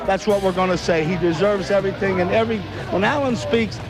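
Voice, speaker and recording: Male manager at an outdoor rally, high voice, loud crowd and music behind. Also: fast talker. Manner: emphatic, proud, repetitive. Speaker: team manager addressing a celebration. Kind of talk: public speech at a celebration.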